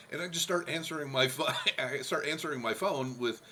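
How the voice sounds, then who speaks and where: A man's voice: fairly high pitch, normal speed, sharp tone, a little hiss or hum. A man co-hosting a podcast, telling jokey stories with frequent laughs and stammered restarts. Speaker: podcast co-host. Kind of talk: casual podcast chat.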